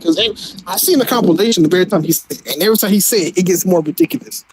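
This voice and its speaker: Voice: mid-range voice, racing, a crowd in the background, low-quality recording. A co-host of a casual wrestling podcast who jokes and mocks catchphrases with impressions. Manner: joking, mocking impressions of catchphrases. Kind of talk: casual wrestling recap chat.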